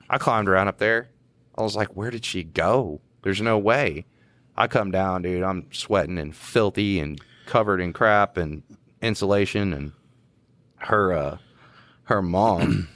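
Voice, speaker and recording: A man with a drawl, a police officer co-hosting a podcast, telling a work story in a relaxed, slangy way. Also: low voice, dry recording. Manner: laid-back drawl, chuckling, slangy. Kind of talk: casual storytelling chat.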